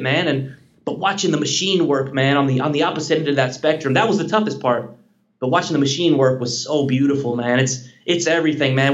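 A man, a filmmaker guest on a podcast, telling stories in a casual, excited way and often saying "man" and "dude". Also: on the high side, dull audio.

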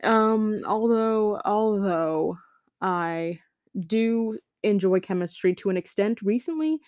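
A woman's voice: mid-range voice, animated, slow pace, a little mellow, no room sound. A tired teenage girl hosting her own podcast from her bed at home, rambling casually with lots of fillers and giggles. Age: teens. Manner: rambling, giggly, many fillers and self-interruptions. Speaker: podcast host. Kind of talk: casual chat. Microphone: home podcast mic.

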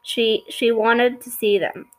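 A frightened storybook boy stammers and trembles, eager to please the queen, as a woman reads him aloud. The voice is soft and hesitant. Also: a little high, fairly even intonation, takes it slowly, rough recording. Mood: nervous.

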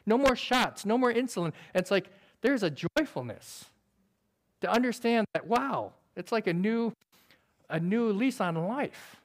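A man preaching a sermon in an earnest, conversational way, using quick everyday illustrations. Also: high voice, expressive. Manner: describes himself as sober by nature.

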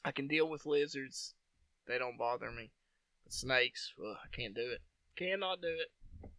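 A man's voice: medium pitch, unhurried, no echo. A man telling a long story in a casual, profane chat, acting out what people said. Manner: profane, animated storyteller who acts out quotes.

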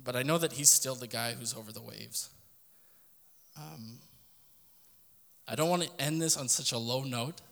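A man's voice: medium pitch, moderate pace, vocal fry, pauses often, fairly bright tone, long reverb tail. Earnest man giving a devotional talk. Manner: earnest, direct address to listener. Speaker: podcast host.

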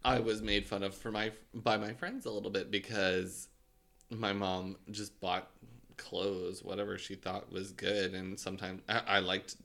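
Guy cohosting a podcast, chatty, cracks quick jokes. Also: deep voice, little pitch movement, gravelly, a bit bright. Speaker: podcast co-host. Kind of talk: casual podcast chat.

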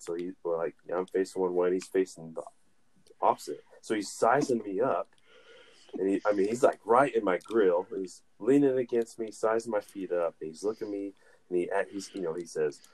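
Deep-voiced man telling a rambling story. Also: darkish tone. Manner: rambling, laughs while telling stories. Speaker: podcast co-host. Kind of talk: casual storytelling.

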